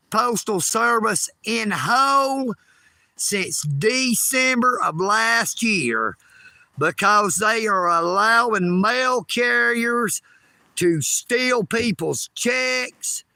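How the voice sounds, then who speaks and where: A man rambling loudly and emphatically on a livestream from his bedroom. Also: sits high, expressive, very slow, gravelly, no room sound. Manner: loud, emphatic, self-promoting.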